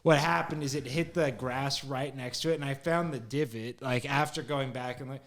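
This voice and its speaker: A young man co-hosting a podcast, telling long stories in animated, profane casual chat packed with "like". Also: mid-range voice, moderate pace. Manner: animated, profane storytelling full of "like". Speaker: podcast co-host.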